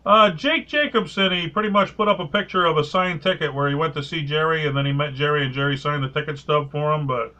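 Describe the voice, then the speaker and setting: A man hosting a comedy podcast, telling stories in an animated way and reading out listener comments. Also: on the high side, fast, hardly any pauses, highs cut off. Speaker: podcast host. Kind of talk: casual podcast chat.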